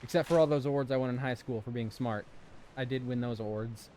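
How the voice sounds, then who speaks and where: A man's voice: mid-range voice, brisk, dark tone, slight background noise. A young man from Southern California giving casual, joking let's-play commentary, swearing and bantering with chat. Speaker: gaming streamer.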